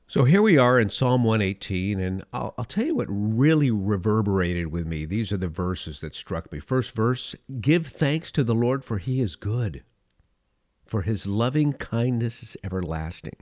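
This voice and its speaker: A man's voice: lowish voice, no echo, clean studio sound. Older man hosting a devotional podcast. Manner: relaxed storytelling, reads scripture aloud slowly. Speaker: podcast host.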